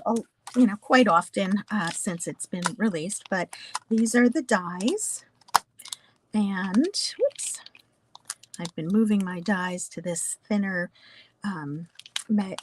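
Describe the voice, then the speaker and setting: A woman with a slightly husky voice leads a relaxed craft tutorial. She chats her way through every step and drops in little asides as she works. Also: medium pitch. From New Jersey. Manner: chatty, talks through each step with small asides. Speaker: card-making demonstrator.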